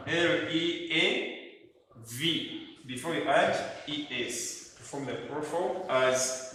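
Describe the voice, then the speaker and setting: A man teaching a grammar lesson to schoolchildren, talking slowly and deliberately and spelling words out letter by letter. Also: on the high side, bright, forceful tone. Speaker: primary school English teacher. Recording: echoey room, distant mic, faint noise.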